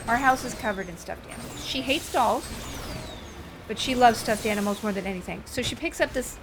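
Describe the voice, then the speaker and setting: Over background music, a woman with a brisk, fairly high voice chats casually as she streams a video game. She tells stories and reacts to what's happening in the play.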